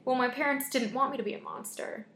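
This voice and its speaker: A woman's voice: high voice, quick pace, fairly bright tone, pitched above the performer's own voice. A woman voicing a friendly male monster who lives under a child's bed, speaking in a mild, matter-of-fact way. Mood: plain. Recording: roomy echo.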